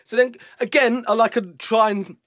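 A man's voice: very high voice, fairly even intonation, normal speed, fairly bright tone, dry recording, studio quality. A man co-hosting breakfast radio, telling a self-mocking story in casual chat. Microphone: studio microphone.

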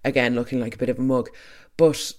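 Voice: medium pitch, fairly even intonation, quick pace, darkish tone. Podcaster chatting away about a soap, opinionated, lots of trailing asides. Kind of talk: casual recap of a soap episode.

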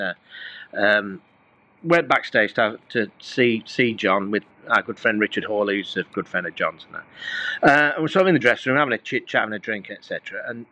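A man's voice: mid-range voice, bright, forceful tone, no echo, dull audio. A middle-aged man, a guest musician, telling rambling anecdotes in casual conversation with many fillers and restarts.

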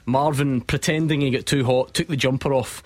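A man's voice: mid-range voice, steady tone, a little fast, no room sound. A man hosting a sports radio phone-in, chatty and jokey, often breaking into laughter.

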